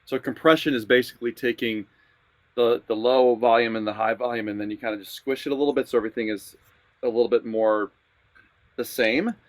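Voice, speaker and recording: A man with a mid-range voice co-hosts a reaction chat. He explains audio compression in a relaxed, casual way. His voice sounds dry and close. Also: mid-range voice, fairly quick, no room sound. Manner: relaxed, explanatory, adds short agreements. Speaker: co-host.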